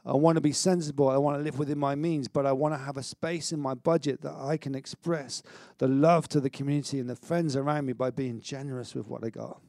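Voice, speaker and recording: A middle-aged man preaching a sermon in an energetic, conversational way, with stammered restarts and self-mocking humour. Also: mid-range voice, fairly quick, few pauses, no echo, studio quality. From Wales. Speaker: pastor.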